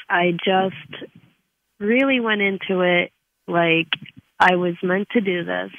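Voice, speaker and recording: An older woman, an author and grandmother, answering interview questions in a halting way, with restarts and soft laughs. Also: lowish voice, gravelly, dry recording, narrow, tinny audio. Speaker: author guest.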